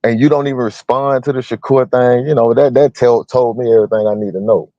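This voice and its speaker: A man's voice: mid-range voice, fairly even intonation, brisk, dark tone, dry recording, highs cut off. A man in casual boxing chat, laid-back, slangy and opinionated.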